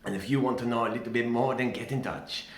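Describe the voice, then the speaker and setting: A man's voice: medium pitch, fairly even intonation, lightly acted. Man playing a wine snob. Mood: savoring. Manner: slow, sensual and theatrical. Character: pompous middle-aged male French winemaker. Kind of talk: comic character monologue. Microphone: video call. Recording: echoey room.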